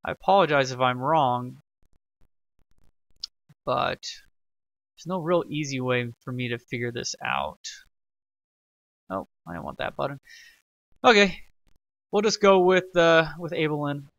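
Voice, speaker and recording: A man hosts a relaxed gameplay tutorial, reading event text aloud and drifting into side remarks. His tone is bright and forceful, set slightly higher than most men's. The recording is dull and lo-fi. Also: measured pace, creaky, pauses often, no echo. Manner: chatty, rambling, reads game text aloud, self-correcting. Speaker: let's play host. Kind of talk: casual gameplay tutorial commentary.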